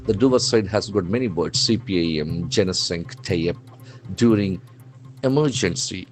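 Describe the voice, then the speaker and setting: A man's voice: deep voice, expressive, unhurried, soft background music. A man teaching vocabulary from the newspaper, spelling words out letter by letter and repeating them for practice. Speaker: English language trainer.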